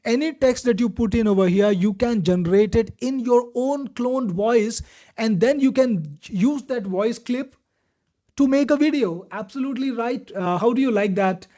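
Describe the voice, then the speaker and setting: A man hosting a live webinar, demoing software and answering viewers by name in an upbeat, salesy way. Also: extremely high pitch, moderate pace, lo-fi sound. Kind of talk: live product demo answering viewer questions.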